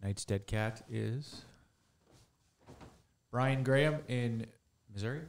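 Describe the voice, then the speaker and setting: A man's voice: medium pitch, moderate pace, roomy sound. A man from Canada, co-hosting a live stream and announcing prize winners in a brief, matter-of-fact way. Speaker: co-host reading draw winners.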